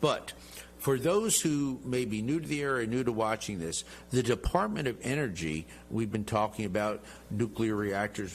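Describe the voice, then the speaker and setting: A man's voice: on the low side, a little hiss or hum. A middle-aged man being interviewed as a guest congressman, talking in an emphatic, boastful and jovial way. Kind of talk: interview talk.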